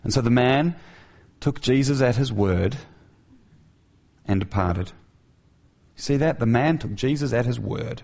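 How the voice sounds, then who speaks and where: A man's voice: medium pitch, unhurried, creaky, long pauses, a little mellow. A man preaching an earnest sermon who asks his listeners rhetorical questions, in a dull, lo-fi recording.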